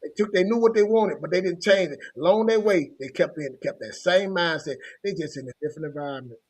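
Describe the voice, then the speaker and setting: A man's voice: high voice, quick pace, a little mellow, breathy edge. A middle-aged man from Louisiana, telling his life story as a motivational coach in a loose, conversational way. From Louisiana, United States. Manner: loose, conversational, repeats himself and restarts.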